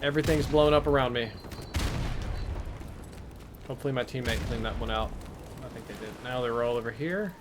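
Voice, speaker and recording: A man's voice: mid-range voice, fairly quick, long pauses, background noise. Chatty male gamer over gunfire. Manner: chatty, answers chat between plays. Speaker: live-stream gamer. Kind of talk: casual live-stream commentary. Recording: game gunfire under the voice.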